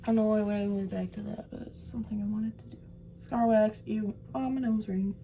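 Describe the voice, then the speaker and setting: A young woman vlogging while she does special effects makeup, chatting casually and poking fun at herself, sometimes trailing off into soft mumbles. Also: mid-range voice, fairly even intonation, fairly quick, slight background noise, low-quality recording. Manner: chatty, self-mocking, drifts into soft mumbles. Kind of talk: rambling casual chat while doing makeup.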